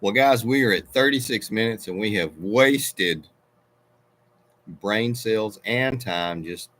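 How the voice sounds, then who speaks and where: A middle-aged man chats with his livestream viewers in a deep, low voice. He takes his time and drifts from one tangent to the next, often stopping and restarting his sentences. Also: takes it slowly, fairly bright tone. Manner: rambling, meandering, self-interrupting. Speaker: livestream host. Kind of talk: casual live chat reading viewer comments.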